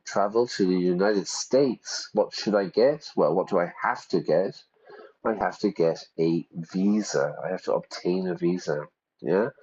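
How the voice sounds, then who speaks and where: Deep-voiced chatty teacher, lo-fi audio. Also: male voice, darkish tone. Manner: chatty, checks in with frequent "yeah?". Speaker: English teacher streaming a game. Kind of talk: casual teaching while gaming.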